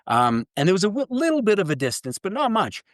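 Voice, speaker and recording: A man from Canada, a keynote speaker, telling a story in an animated way and laughing as he goes. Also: high voice, quick pace, dry recording, studio quality. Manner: lively, laughs through his story.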